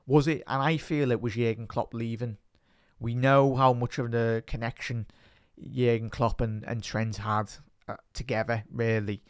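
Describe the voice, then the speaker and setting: A young Scouse man giving a heartfelt, rambling fan reaction, full of restarts. His voice sits at a middling pitch. The sound is close and dry. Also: steady tone, unhurried, smooth, no echo. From Liverpool, England. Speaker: fan channel presenter. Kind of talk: casual reaction talk.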